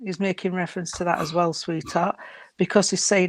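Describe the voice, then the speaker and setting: A woman giving a spirit reading to a sitter, gentle and unhurried, often calling her sweetheart and darling. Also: on the low side, level tone, no room sound. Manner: unhurried, halting delivery. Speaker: psychic medium.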